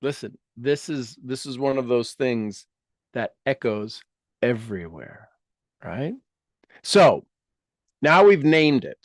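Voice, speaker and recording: A man leading a self-help talk, guiding listeners through exercises and asking rhetorical questions, with his loudness rising and dropping. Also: mid-range voice, animated, slow, pauses often, no echo, studio quality. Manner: rhetorical questions, repeats phrases for emphasis. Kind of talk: coaching talk with guided exercises.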